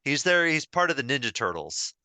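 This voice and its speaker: An excited man shares stories on a podcast with lots of "um" and "like." His voice is bright and clear, and his pitch jumps around a lot. It sounds close and dry. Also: fairly quick, dry recording. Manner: enthusiastic, rambling storyteller with many fillers. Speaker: podcast co-host. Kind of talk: casual podcast chat.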